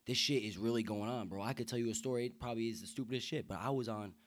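A man's voice: mid-range voice, racing. A young man as a podcast guest, chatting casually at a table in a laid-back, slangy way with lots of fillers. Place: table indoors with drinks.

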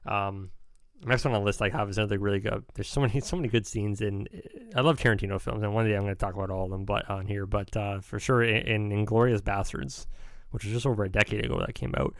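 Fast-talking gravelly young man, casual chat. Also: on the low side, fairly even intonation, no echo. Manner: rambling, restarts often, uses "like" a lot. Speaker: podcast host.

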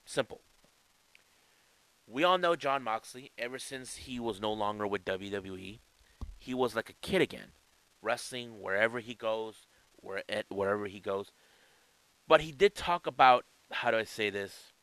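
Chatty man with a bright, lowish voice. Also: moderate pace, long pauses, clear, resonant tone, no echo, poor audio. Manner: chatty, with frequent restarts and asides. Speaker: wrestling news commentator. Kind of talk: casual news commentary.

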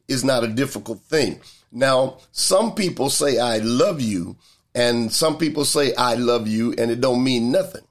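Rambling, thoughtful man musing aloud. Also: medium pitch. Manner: thoughtful, rambling, many fillers and repeats. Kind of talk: casual reflective monologue.

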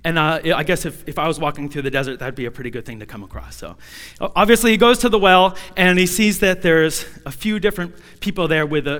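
High bright guy preaching, jokey storytelling, echoey hall. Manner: humorous, animated, acts out quotes. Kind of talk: sermon storytelling.

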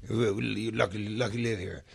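Guy doing a mumbly homeless man on a bench, low and quiet, cussing then weirdly upbeat. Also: steady tone, unhurried, vocal fry, slightly rough, full character voice. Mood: rambling.

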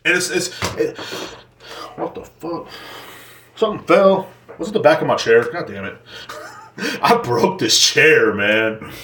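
A man's voice: medium pitch, a bit bright, slight background noise. A man hosting a podcast alone, talking in a casual, rambling and profane way while joking as he goes. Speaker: podcast host. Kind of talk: casual solo rant. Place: seated indoors in a chair. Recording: roomy echoing room.

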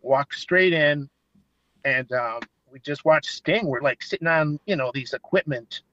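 Man, guest, casual storytelling, a bit high, dry dull phone line. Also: unhurried, no echo. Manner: animated, swearing, acts out quotes.

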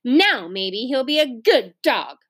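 A woman's voice: fairly high pitch, very animated, slow pace, a bit bright, slightly rough, heavily acted. A woman reading aloud and voicing an insistent, sulky little girl.

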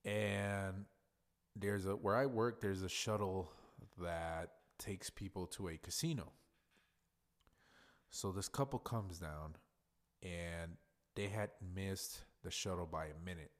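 A man's voice: low-pitched, slow pace. A man hosting a podcast, talking alone in a blunt, profane, conversational way. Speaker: podcast host. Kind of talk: casual solo podcast monologue. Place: workplace in a hotel lobby.

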